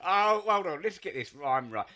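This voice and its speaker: A man's voice: sits high, big pitch swings, normal speed, heavy background noise. A man rambling through improvised rude rhymes, giggling as he goes. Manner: rambling rhyming patter, giggling.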